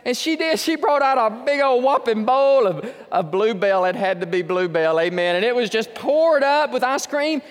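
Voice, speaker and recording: A man preaching a sermon, telling stories with animated humor. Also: extremely high pitch, normal speed, few pauses, smooth. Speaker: pastor. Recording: reverberant hall.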